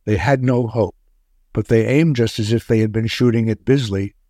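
A man's voice: lowish voice, normal speed, warm tone, dry recording. Man narrating a war story, dry sound.

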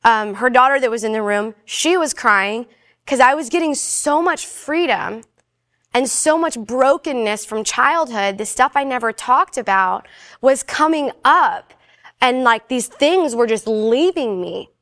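A woman guest recounts her personal faith story in a quick, animated way, briefly acting out the people in it as she goes. Her voice sits a little high. The sound is close and dry. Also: dry recording. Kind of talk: casual spoken storytelling.

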